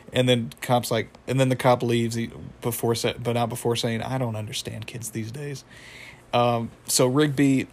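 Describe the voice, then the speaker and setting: With slight background noise behind his medium-pitched voice, this young show recapper walks through a cartoon episode. He's casual and rambling, leaning on fillers and laughing at the plot.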